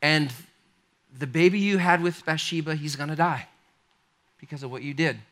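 A man voicing a wise prophet, speaking quietly, gravely and with measured calm. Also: a little high, close to an everyday voice.

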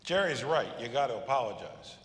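A man's voice: mid-range voice, animated, fairly quick, natural voice. A man playing a pushy needling friend. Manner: insistent, needling, swears. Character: pushy male friend lecturing about apologies. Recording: comedy clip played in an echoey hall.

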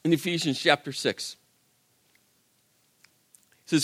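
A man's voice: sits high, expressive, a little slow, a bit bright, dry recording, clean studio sound. A male pastor preaching a sermon in a conversational, emphatic way, asking rhetorical questions.

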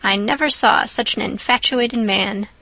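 A woman's voice: mid-range voice, measured pace, gravelly, bright, forceful tone, no room sound, full character voice. A woman voicing a stern older spinster who speaks in a brusque, scolding way. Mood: exasperated.

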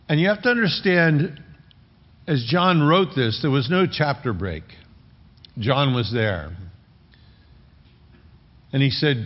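A man as pastor, preaching a sermon in an earnest, measured way and repeating key phrases. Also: medium pitch, gravelly. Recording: dull lo-fi recording with long hall reverb.

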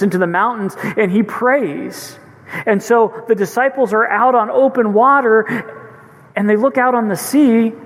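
A man preaching a sermon, earnestly retelling scripture with urgency. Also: high voice. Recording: long hall reverb.

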